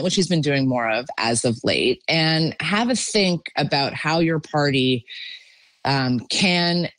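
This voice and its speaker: A woman's voice: low voice, a bit bright, dry recording. A woman on a political panel, offering thoughtful, reflective commentary.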